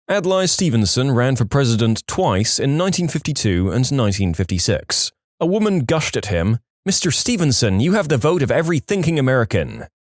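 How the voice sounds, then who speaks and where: A man reads reddit stories aloud with a lively, sing-song delivery that rises and dips through each anecdote. His pitch sits in a middle range. The recording is dry and close, with no room sound. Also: dry recording. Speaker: narrator.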